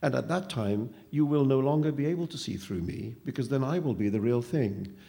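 A man's voice: mid-range voice, animated, brisk, creaky, warm tone. A man reading a story aloud, voicing a pompous male phantom who speaks in precise, wordy and falsely kindly tones. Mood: smug.

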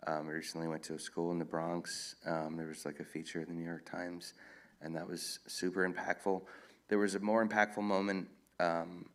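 A man, an author, answering audience questions in a relaxed, rambling storytelling way at a live event. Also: low voice, moderate pace. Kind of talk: casual Q&A talk.

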